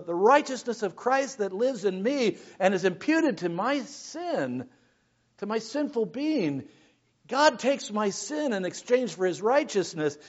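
Man preaching, fairly high voice, dramatic hushed and loud swings, dull lo-fi recording. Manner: dramatic swings between hushed and shouted delivery. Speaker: pastor. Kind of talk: sermon.

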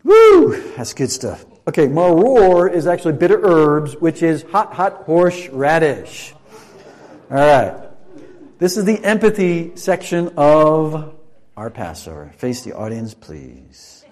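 Man, preacher, church demonstration, playful, warm mellow tone, slightly high pitch. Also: expressive, slow pace. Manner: playful, joking with volunteers. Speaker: preacher leading a Passover demonstration. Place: church sanctuary.

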